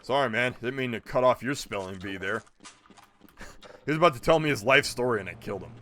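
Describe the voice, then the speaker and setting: A man's voice: mid-range voice, expressive, quick pace, pushed and bright, slight background noise. A man streaming a video game, rambling and joking with his chat as he plays. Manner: rambling, jokey, talks to chat. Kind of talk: casual gameplay commentary.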